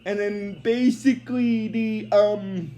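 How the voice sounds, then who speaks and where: A man's voice: high-pitched, steady tone, slow, dark tone, highs cut off. A man casually recapping a cartoon episode, rambling and hesitant with many fillers, apologizing when he drifts.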